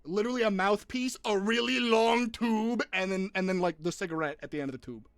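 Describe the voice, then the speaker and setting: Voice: medium pitch, fairly quick, no room sound. A streamer chatting casually on a live stream, rambling, swearing freely and laughing often.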